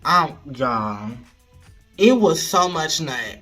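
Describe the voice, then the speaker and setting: A man telling a frank, animated story straight to his viewers, casual vlog style, recorded at home. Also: a little high, drawn-out words, over loud music. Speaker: storyteller vlogger.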